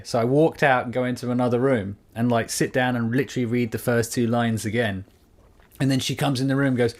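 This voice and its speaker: This podcast co-host from the UK has a mid-range voice and talks a little fast. Recorded on a studio mic, he keeps the chat casual and performs the quoted voices while telling a story.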